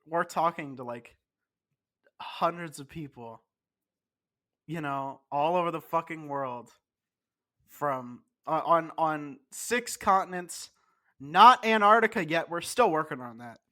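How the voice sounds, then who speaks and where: Stuffed-up male co-host, slightly high, bright and forceful, profane, mock-outraged rants. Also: animated, takes it slowly, pauses often. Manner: profane, ranting, mock-indignant. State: congested. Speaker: podcast co-host. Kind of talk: casual chat.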